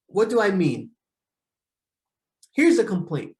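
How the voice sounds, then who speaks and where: A man, a relationship counselor, teaching a group session and repeating key points slowly with frequent "right?" checks. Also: high-pitched, sing-song. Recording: roomy echo.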